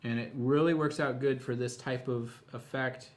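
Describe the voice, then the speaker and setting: Relaxed, chatty male painting instructor. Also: mid-range voice, moderate pace. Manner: relaxed, chatty, step-by-step explaining. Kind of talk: live tutorial demonstration.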